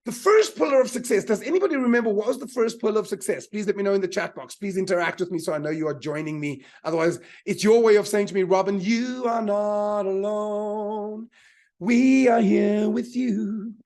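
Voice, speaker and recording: Energetic male motivational speaker. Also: high-pitched, quick pace, few pauses. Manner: energetic, repeats key lines for emphasis, invites the audience to answer in the chat. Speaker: motivational speaker and mind power teacher. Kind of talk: live online motivational seminar.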